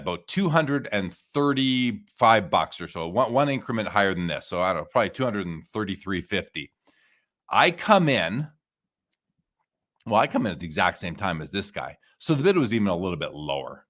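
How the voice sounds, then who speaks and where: Chatty low-voiced man. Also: fairly bright tone. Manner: chatty, enthusiastic, with frequent restarts. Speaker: podcast host. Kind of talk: casual chat reviewing listings.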